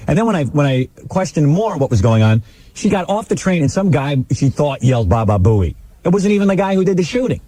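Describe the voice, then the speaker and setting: A male radio host telling a story excitedly, acting out the quotes. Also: a little high, fast talker, dry recording. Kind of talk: animated storytelling on talk radio. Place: radio studio.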